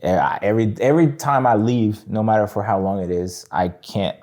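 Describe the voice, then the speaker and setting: A man's voice: lowish voice, normal speed, a little mellow. A young adult man chatting as a podcast guest in a laid-back way, saying "bro" and "man" often. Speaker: guest musician. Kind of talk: casual chat.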